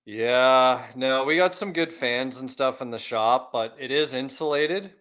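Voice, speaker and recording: A man's voice: medium pitch, unhurried, a bit bright. Laid-back rambling man chatting. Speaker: podcast co-host, shop owner. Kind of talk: casual chat.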